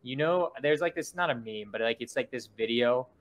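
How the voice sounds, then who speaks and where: Talking fairly quickly in a mid-range voice, a young man hosts a casual podcast chat. His delivery is loose and rambling, packed with fillers.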